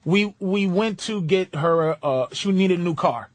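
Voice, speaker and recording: A podcast host telling stories in a casual, profane way, acting out what people said. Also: male voice, high-pitched, unhurried, dry recording. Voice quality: animated, acts out quotes.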